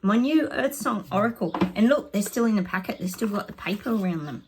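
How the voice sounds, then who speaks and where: A woman talking casually to viewers as a psychic vlogger. She chats excitably while pulling oracle cards and often calls her audience "guys". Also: mid-range voice, brisk, few pauses, slight background noise. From Australia. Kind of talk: casual oracle card reading to camera.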